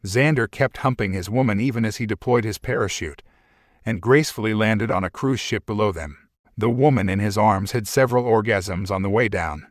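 A man's voice: lowish voice, no echo, clean studio sound. A man narrating a first-person story in a wry, conversational manner.

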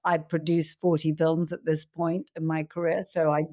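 A middle-aged woman, a film producer, answering interview questions in a calm, reflective way, sometimes acting out a panicked voice. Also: sits low, normal speed, no echo, clean studio sound. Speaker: film producer and director, guest.

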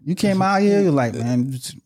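A man co-hosting a casual podcast chat in a relaxed, easygoing way. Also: a little high, normal speed. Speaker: podcast co-host.

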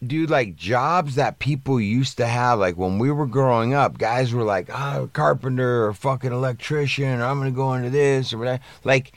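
A man's voice: mid-range voice, moderate pace, few pauses, no room sound. A man co-hosting a casual podcast, talking bluntly and profanely, often calling his co-host "bro". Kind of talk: casual chat.

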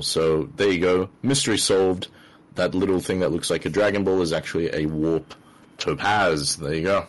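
Very low-voiced man hosting a loose, rambling podcast chat. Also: steady tone, normal speed, poor audio. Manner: rambling, lots of fillers and restarts. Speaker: podcast host. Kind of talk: casual chat.

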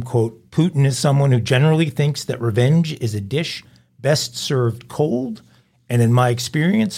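A man hosting a crime news show, reading headlines in a steady, conversational way with dry asides. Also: medium pitch. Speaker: host.

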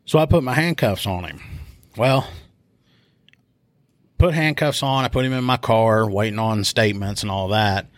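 A police officer who also hosts a podcast tells a laid-back arrest story, full of energy and cursing freely as he does the voices. His voice is on the low side, his pace is normal with long pauses, and there's no echo.

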